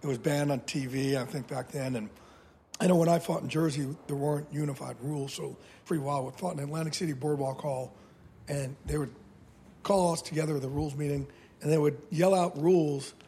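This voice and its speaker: A man in his fifties, a podcast guest telling stories in a blunt, animated way, often swearing. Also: on the high side, fairly quick, slight background noise. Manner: blunt, profane, animated storyteller. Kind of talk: casual interview storytelling.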